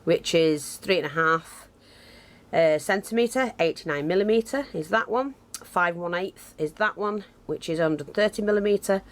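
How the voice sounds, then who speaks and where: A woman's voice: sits low, a little hiss or hum. A woman giving a casual craft tutorial, chatty and self-deprecating, thinking aloud as she works close to the camera. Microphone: camera close to her hands, picks up breathing.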